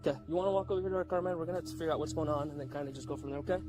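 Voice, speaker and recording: A police officer talks quickly in a slightly raised voice, keeping things calm and repeating reassurances. Music plays clearly over the audio. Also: male voice, a little high. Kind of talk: on-duty body-camera exchange.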